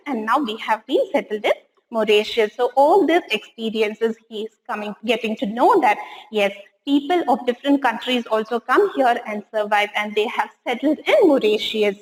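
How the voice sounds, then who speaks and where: A woman with an Indian English accent teaches a school English lesson. She reads lines from the text and then explains them plainly, in a fairly high voice. A long echo hangs around her words. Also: lively intonation, moderate pace. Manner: reads passages aloud then paraphrases in simple words. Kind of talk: explaining a textbook lesson to students.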